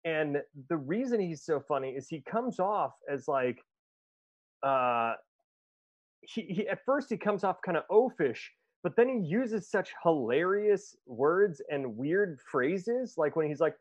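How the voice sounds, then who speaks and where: A man co-hosting a casual podcast, recapping a film plot in an excited, rambling way with frequent laughs and restarts. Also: on the high side, unhurried, dry recording. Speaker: podcast co-host.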